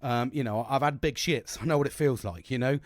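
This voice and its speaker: A man's voice: mid-range voice, a little fast, no echo, clean studio sound. A man in his forties, a podcast host, rambling through a frank monologue with constant swearing and self-mockery.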